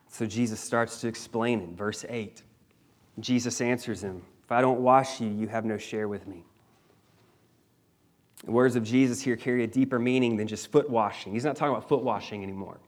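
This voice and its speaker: A man's voice: on the low side, darkish tone. A man preaching a sermon, retelling a scripture passage with emphatic, dramatic storytelling and the odd casual slang aside.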